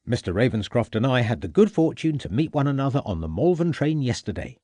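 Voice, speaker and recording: A man's voice: medium pitch, very animated, a little fast, dark tone, no room sound. A man voicing a respectful, eager Victorian police constable. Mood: deferential.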